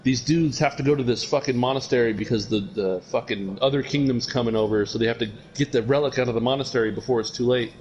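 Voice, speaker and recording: Fast-talking profane man streamer. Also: medium pitch, highs cut off, slight background noise. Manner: rambling, profane, animated storytelling. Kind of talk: casual chat.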